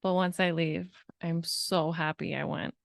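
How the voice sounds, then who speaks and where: A woman's voice: lowish voice, fairly even intonation, a little slow, vocal fry, dry recording, studio quality. A woman co-hosting a parenting podcast in casual, agreeable chat.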